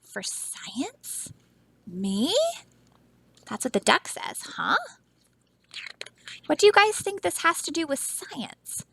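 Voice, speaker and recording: High, bright-voiced woman teacher reading aloud. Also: takes it slowly, vocal fry, long pauses, no room sound, rough recording. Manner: stops often to ask young listeners questions; soft, expressive storytelling with dramatic hushes. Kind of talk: children's picture book read-aloud.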